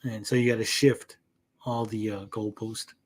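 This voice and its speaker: A man's voice: fairly low pitch, flat delivery, moderate pace, slightly rough. A man hosting a casual gaming news chat, rambling with lots of fillers and repeated words, reacting to chat and swearing casually. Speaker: podcast host.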